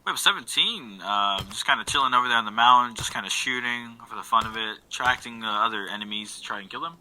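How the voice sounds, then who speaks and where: A man giving relaxed play-by-play commentary on an online game match, full of fillers and quick self-corrections. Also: mid-range voice, low-quality recording. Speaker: esports caster.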